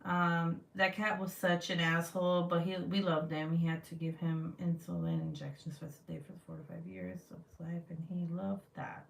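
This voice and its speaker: A woman vlogger in her thirties chats bluntly to camera, swearing freely as she tells a story. Her lowish voice is creaky, moves at a moderate pace with hardly any pauses, and sounds roomy and distant.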